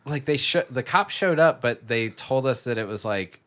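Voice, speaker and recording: Casual chat guy, mid-pitched, rambling storyteller who swears freely. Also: animated, moderate pace, fairly bright tone.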